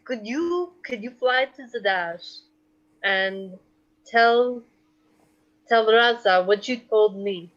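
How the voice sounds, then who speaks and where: A woman playing a tabletop game, talking in a polite, patient way and gently scolding. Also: fairly high pitch, takes it slowly, pauses often. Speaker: player. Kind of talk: casual tabletop role-play. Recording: dull lo-fi mic.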